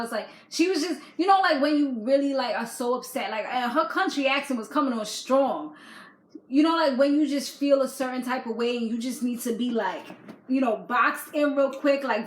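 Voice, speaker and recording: A woman giving a casual video recap of a reality show, chatty and animated, full of fillers. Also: a little high, normal speed, roomy sound, poor audio.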